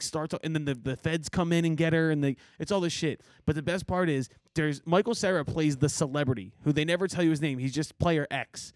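A man's voice: fairly high pitch, no room sound. A man hosting a podcast, chatting casually and telling stories in a loose, rambling way with lots of fillers. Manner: rambling, animated storytelling with fillers. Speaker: podcast host. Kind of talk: casual chat.

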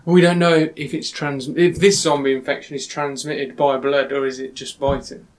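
A man's voice: mid-range voice, level tone, moderate pace. A man hosting a casual podcast chat, recapping a film scene by scene with filler ums. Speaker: podcast host.

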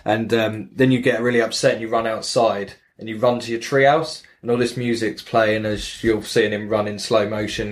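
A man with a fairly low voice rambles through a game recap, piling up fillers and restarts. He tells it in a loose, animated podcast manner. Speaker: podcast host. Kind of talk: casual chat recapping a game.

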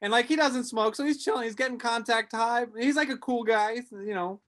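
A man guesting on a podcast, telling animated stories and acting out quotes in casual chat. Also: very high-pitched, fairly quick. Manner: animated storyteller, acts out quotes.

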